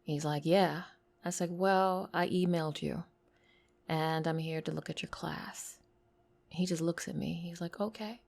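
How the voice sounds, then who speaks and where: A woman with a lisp telling a personal story, intimate and tearful, slipping into whispers and bursting louder. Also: low-pitched, level tone, a little slow, creaky.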